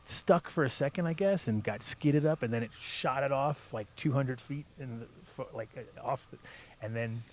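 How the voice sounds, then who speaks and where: A man's voice: mid-range voice, normal speed. A man hosting a casual podcast chat, telling stories with lots of swearing and acting out quotes in a raised voice. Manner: animated, profane, acts out quotes in a raised voice. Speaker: podcast host.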